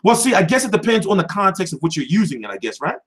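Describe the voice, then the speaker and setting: A man's voice: high voice, sing-song, fast, fairly bright tone, slightly rough. A young man hosting a boxing channel, answering viewers in a heated, profane livestream chat.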